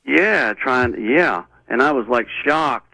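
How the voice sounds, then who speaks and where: Gravelly man telling an earnest story. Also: mid-range voice, expressive, bright, forceful tone, rough recording. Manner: earnest, rambling, halting with many restarts. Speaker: interview guest. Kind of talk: personal storytelling in conversation.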